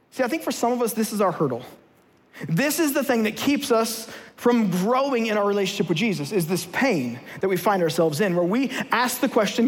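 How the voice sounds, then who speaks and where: A man's voice: very high voice, a little fast. A man giving a sermon as a guest preacher, humorous and conversational, playfully acting out everyday scenes for his audience. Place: large church hall with live audience. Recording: long hall reverb.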